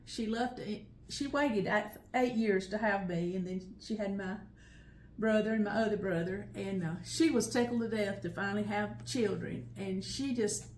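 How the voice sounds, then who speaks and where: A woman's voice: medium pitch, normal speed, a little mellow, echoey room, a little hiss or hum. An older woman, reminiscing at home in a heartfelt, emotional way that often breaks into laughter. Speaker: home vlog host. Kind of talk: personal reminiscing storytelling. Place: at home, indoors.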